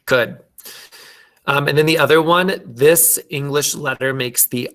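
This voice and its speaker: A man's voice: a little high, bright, forceful tone. A man with a Minnesotan accent, teaching fourth graders an online class and patiently sounding out words. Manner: slow, patient, sounding out phonics.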